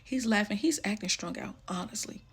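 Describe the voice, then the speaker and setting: A young woman telling a personal story casually, full of "like", often dropping into a hushed voice. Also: mid-range voice, lively intonation, brisk, breathy edge. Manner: casual, fillers like "like", drops to hushed tones.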